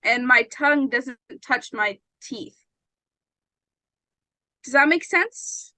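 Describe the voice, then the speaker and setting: A woman's voice: high-pitched, animated, takes it slowly, pushed and bright, dry recording, low-quality recording. A woman teaching an English pronunciation lesson, patient and often checking that her students understand.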